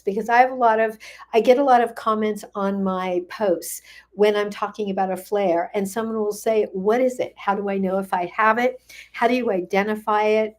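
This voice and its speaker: A woman's voice: medium pitch, darkish tone. An older woman hosting a casual livestream as a gut health coach, chatty and friendly, greeting viewers by name with frequent ums.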